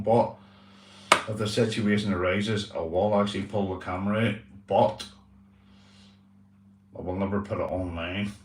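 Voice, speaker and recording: A man's voice: on the low side, reverberant, distant mic, noisy background. A man hosting a casual livestream chat, talking earnestly and repetitively, swearing and calling his viewers "mate". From Northern Ireland. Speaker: livestream host.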